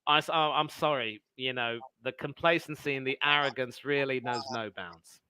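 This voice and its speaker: A man co-hosting a live football watch-along, giving measured, critical analysis in a dry tone. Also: mid-range voice, bright, forceful tone. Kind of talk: casual live football reaction.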